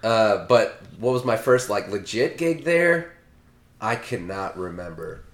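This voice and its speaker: A man's voice: lowish voice, animated, measured pace. A young man chatting casually and laid-back, mostly with short reactions. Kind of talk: casual chat. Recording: roomy echo.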